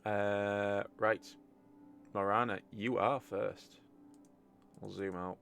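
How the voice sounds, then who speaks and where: A man's voice: fairly low pitch, fairly even intonation, takes it slowly, vocal fry, fairly bright tone. A man narrating a tabletop game as game master over an online voice call, joking and laughing easily. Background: faint battle music.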